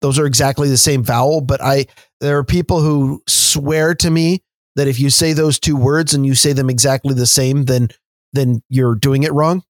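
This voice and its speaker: West coast guy on a podcast, mid-pitched, explains things slowly w/ restarts, dry sound. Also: fairly even intonation, no room sound. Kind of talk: casual chat.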